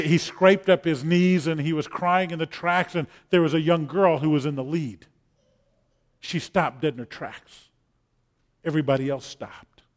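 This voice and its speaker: A man preaching a sermon from New Orleans, dropping to hushed lines and building to loud, excited peaks, often repeating words as he presses a point. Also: medium pitch. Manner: dynamic preaching, drops to near whisper then builds loud. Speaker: pastor.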